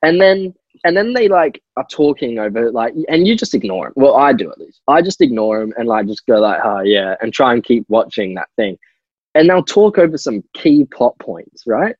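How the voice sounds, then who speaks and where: Australian male radio host, husky voice, dry muffled studio sound, exasperated. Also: medium pitch, big pitch swings, moderate pace, a little mellow, dry recording. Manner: exasperated ranting. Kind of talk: casual radio banter.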